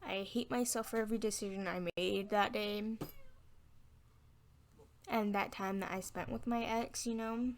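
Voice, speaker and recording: Young woman vlogging a storytime, talks real frank and blunt, mid pitch. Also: fairly even intonation, moderate pace, long pauses. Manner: candid, frank storytelling with quoted dialogue. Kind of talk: storytime vlog.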